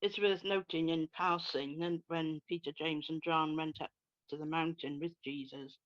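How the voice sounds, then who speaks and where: A speaker unpacks a Bible passage in a measured, careful manner, with a dry wit now and then. The sound is dull and lo-fi, with no room echo at all. The pitch is middling. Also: steady tone, fairly bright tone. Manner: measured, expository, lightly humorous. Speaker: Bible study co-presenter. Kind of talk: conversational Bible study discussion.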